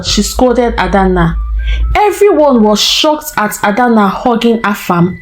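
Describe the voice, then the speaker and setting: A woman storyteller narrating a folktale in a slow, deliberate way. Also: a little high, lively intonation, soft background music, rough recording.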